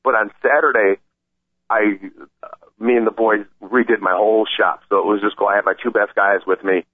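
A man telling a story in a casual chat, excited and rambling, often stammering and restarting. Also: fairly low pitch, brisk, no room sound. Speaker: podcast regular telling a story. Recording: tinny phone-like sound.

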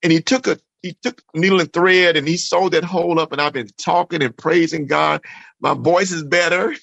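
A man's voice: a little high, fairly even intonation, moderate pace, vocal fry, fairly bright tone, no room sound, lo-fi sound. A man giving an earnest, emphatic personal testimony in an interview, repeating phrases and often saying "man". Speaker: interview guest. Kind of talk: emotional personal testimony in conversation.

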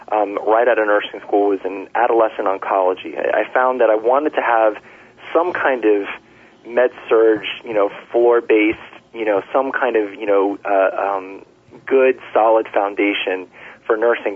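A middle-aged man talks in a relaxed, storytelling way, full of fillers and restarts. His voice is husky and sits a little low. The sound comes through a thin, tinny phone line. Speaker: nurse, author. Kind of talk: casual interview talk.

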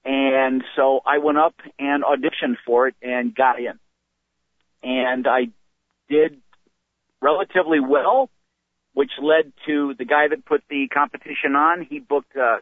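Middle-aged male stand-up comedian, lively storyteller, acts out quotes; tinny phone-quality audio. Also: medium pitch, no echo. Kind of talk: storytelling in an interview. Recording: phone-like dry sound.

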